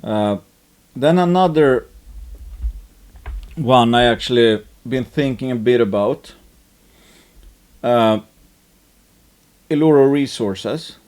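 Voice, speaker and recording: A man hosting an investing channel drifts through casual stock commentary, leaning on fillers and restarting often. His medium-pitched, somewhat mellow voice is slow, with frequent pauses.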